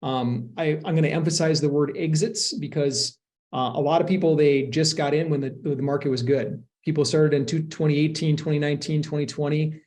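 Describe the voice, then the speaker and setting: A man with a fairly high-pitched voice talks earnestly as a real estate sponsor on a podcast. He explains at length in a conversational way, often restarting his sentences mid-thought. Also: steady tone, a little fast, darkish tone. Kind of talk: podcast interview answers.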